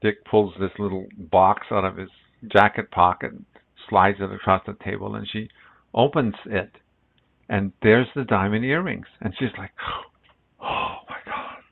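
A middle-aged man speaks in a low, gravelly voice, drifting through a reflective spiritual talk with restarts and asides. The sound is thin and boxed-in, like audio over a phone line. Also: steady tone, moderate pace. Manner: rambling and reflective, many restarts. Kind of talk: relaxed spiritual talk with a story.

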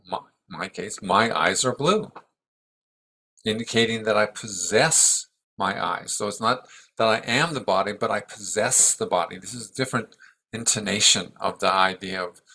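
Older male teacher, 70s, bright clear tone, reflective, pausing speech. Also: fairly low pitch. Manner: thoughtful, halting, restarts often. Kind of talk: reflective dharma talk.

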